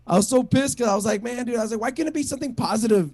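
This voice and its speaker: High-voiced man rambling through stand-up. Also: very fast, darkish tone. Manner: rambling, profane, lots of "like" and restarts. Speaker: stand-up comic. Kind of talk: stand-up set at an online open mic.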